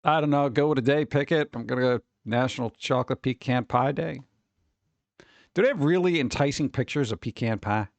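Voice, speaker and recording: A man's voice: mid-range voice, a little fast, gravelly, no room sound. A man hosting a casual live stream, chatting with viewers and making wisecracking, sarcastic asides. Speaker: streamer host.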